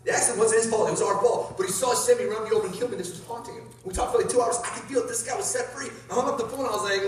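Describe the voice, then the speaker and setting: A man from Canada giving an energetic motivational talk to a live audience, telling his story and often turning to the crowd with questions. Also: sits high, very fast. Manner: energetic, animated, keeps addressing the audience. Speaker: motivational speaker. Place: large hall with an audience. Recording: very echoey hall, voice from far off.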